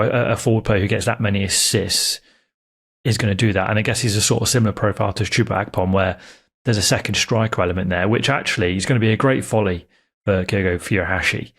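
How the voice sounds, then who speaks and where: A man in easy football podcast chat, with a low voice. He talks eagerly and in bursts, often stopping to restart a thought. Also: fast talker. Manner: chatty, enthusiastic, with many fillers and restarts. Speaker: podcast co-host.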